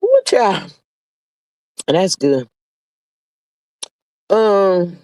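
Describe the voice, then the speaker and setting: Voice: mid-range voice, expressive, measured pace, pauses often, a little mellow, no room sound, studio quality. A live stream host in casual gossip chat, reading viewer comments aloud in a sassy, drawling way, sprinkling in "child" and "honey" with sing-song hums.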